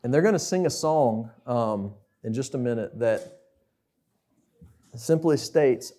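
Young guy preaching, chatty and asking questions, warm mellow voice. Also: medium pitch, slow pace, pauses often. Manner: conversational, asks questions. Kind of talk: sermon.

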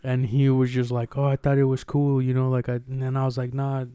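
A man's voice: mid-range voice, completely flat delivery, brisk, warm tone, clean tone, dry recording. A young man in his twenties, telling crude stories on a casual podcast with lots of slang and laughter. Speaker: podcast co-host. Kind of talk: casual chat.

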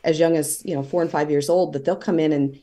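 A woman's voice: deep voice, steady tone, quick pace, warm tone. A woman being interviewed as a holistic practitioner, telling long stories in a conversational way. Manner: talkative, tells stories at length.

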